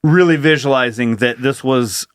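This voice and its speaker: A man co-hosting a comedy podcast in casual chat, telling rambling stories with halting restarts. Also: mid-range voice, no echo, clean studio sound. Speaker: podcast co-host.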